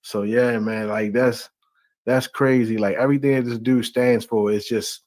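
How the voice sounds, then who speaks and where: A man's voice: medium pitch, steady tone, moderate pace, a little mellow, no echo. A man hosting a live stream in a loose, laid-back, rambling way and inviting viewers to join. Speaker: host. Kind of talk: casual live-stream talk.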